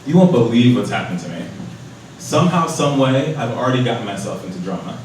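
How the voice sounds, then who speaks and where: A young man reads his diary entries aloud on stage, with a lively delivery and quick put-on voices for the people he quotes. He sits well back from the microphone, and the big hall rings around every word. Faint noise hangs underneath. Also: medium pitch. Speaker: storyteller at a live event. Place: large echoey hall. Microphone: distant from the microphone. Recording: echoey hall from far off.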